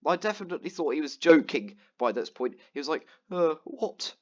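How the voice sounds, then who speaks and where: Dude venting about his friend while he plays, lots of uhs and restarts, kinda high voice, muffled lo-fi mic. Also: lively intonation, fast talker. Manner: rambling, exasperated storytelling with many fillers. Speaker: gaming vlogger. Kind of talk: casual ranting commentary over gameplay.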